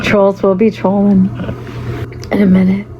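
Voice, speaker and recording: A woman livestreaming in a loose, rambling way, greeting her viewers and fighting a hoarse, fading voice. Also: medium pitch, completely flat delivery, measured pace. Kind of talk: casual livestream chat. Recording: dull lo-fi stream audio with faint noise.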